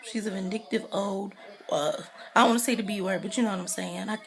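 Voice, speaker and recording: A woman's voice: medium pitch, steady tone, fast, creaky. A young woman giving a casual, opinionated recap of a TV episode, acting out what people said and leaning on "you know" as she goes. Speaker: TV recap vlogger.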